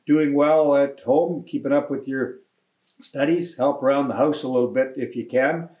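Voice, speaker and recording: A man, a mayor, reading a children's picture book aloud in a gentle, friendly storytelling manner. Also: mid-range voice, steady tone, normal speed. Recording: echoey room, dull lo-fi sound.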